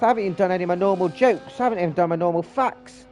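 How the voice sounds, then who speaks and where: A man hosting and commentating a live sim-racing league, with excitable, breathless, rapid calls and repeated exclamations. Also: high voice, soft background music. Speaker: race commentator and league host.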